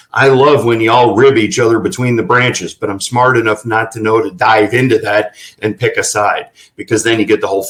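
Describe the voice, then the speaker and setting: Low-voiced man telling folksy stories. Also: fairly bright tone, low-quality recording. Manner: folksy, anecdotal, lots of fillers. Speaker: ranch representative. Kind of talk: casual storytelling in an interview.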